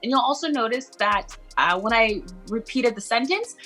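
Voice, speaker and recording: A woman's voice: on the high side, animated, moderate pace, sharp tone, faint music behind. A woman mentor explaining an online teaching mock class in an upbeat, encouraging way. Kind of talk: instructional video chat.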